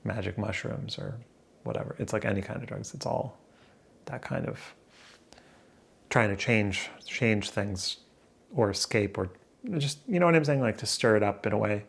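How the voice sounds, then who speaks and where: A man's voice: lowish voice, moderate pace, vocal fry, long pauses, husky. A man sitting at home talking to his camera in a rambling, self-mocking solo vlog, swearing casually. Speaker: vlogger. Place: room indoors near a window. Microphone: camera in front of him, seated.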